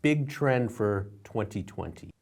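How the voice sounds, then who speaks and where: A man co-hosting a casual chat as an industry analyst, speaking in a relaxed, measured way. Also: lowish voice. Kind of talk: casual discussion.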